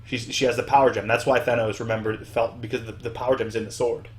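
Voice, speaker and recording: Speaking quickly with a medium pitch and little pitch movement, a young man hosts a podcast. His casual chat turns into a long, rambling recap loaded with fillers.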